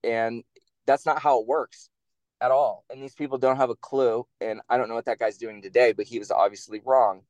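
A man, a former campaign staffer, telling stories in a casual interview in a blunt, profane and animated way. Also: mid-range voice, normal speed, no room sound, lo-fi sound.

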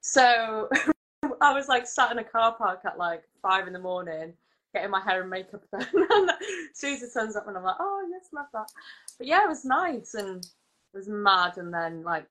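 A woman's voice: mid-range voice, expressive, normal speed, bright, forceful tone. Nineteen yr old girl chatting as a guest, lots of "like", laughs easy. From England. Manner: chatty, fills with "like", laughs often. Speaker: guest singer-songwriter. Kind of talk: casual chat.

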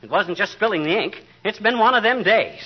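An actor playing a blustering, hot-tempered, bumbling middle-aged husband in a 1940s radio comedy, grumbling in loud outbursts. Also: male voice, sits high, lively intonation, brisk, husky. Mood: grumbling, exasperated. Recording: muffled 1940s radio broadcast with hiss.

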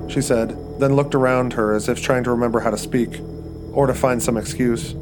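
Podcast host narrating horror fiction, measured and even, mid-range male voice. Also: mid-range voice, over music. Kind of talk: scripted narration of a horror story.

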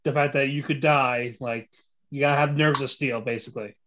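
A man's voice: medium pitch, steady tone, brisk, a bit bright. A man co-hosting a podcast who chimes into a casual anime recap with laid-back, hesitant interjections. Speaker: podcast co-host.

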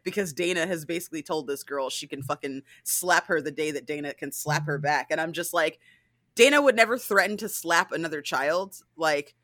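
A woman talking in a bright, forceful voice, heated and animated, with lots of "like" and "right?" and free swearing. She sounds close to the mic in a dry space with no room echo. This is casual podcast chat from a co-host reviewing a show. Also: deep voice. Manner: animated, profane, frequent "like" and "right?".

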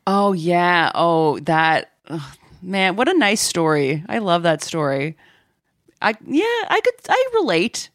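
A woman guest on a comedy podcast, talking in a deadpan, cheerfully morbid way. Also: lowish voice, takes it slowly, dry recording, clean studio sound. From Canada. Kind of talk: improvised comedy chat.

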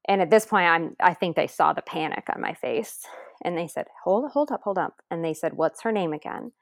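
A woman's voice: fairly low pitch, a little fast, gravelly, no room sound, clean studio sound. A woman guest in an interview, earnestly recounting a personal story and re-enacting what others said, audibly emotional.

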